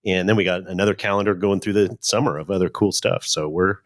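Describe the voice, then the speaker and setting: A man chatting casually on a podcast in a relaxed, rambling way. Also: deep voice, fast talker. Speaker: podcast regular.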